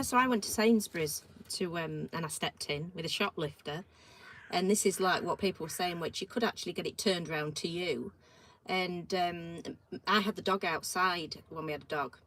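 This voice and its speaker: A woman's voice: lowish voice, low-quality recording. A middle-aged woman chatting casually as co-host, telling a story and acting out the people in it. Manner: animated, acts out every voice in her stories.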